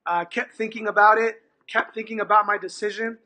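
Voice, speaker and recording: An after-school program manager from California, middle-aged, tells a brisk story in conversation as a guest. His voice sits high, he acts out what people said with plenty of energy, and he restarts a lot.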